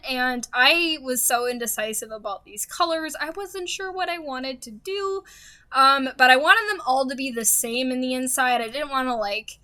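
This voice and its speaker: A woman's voice: sits high, pushed and bright, dry recording. A woman chatting casually through a voiceover about something she built, rambling with frequent laughs and filler words, recorded at home. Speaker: game builder narrating her build.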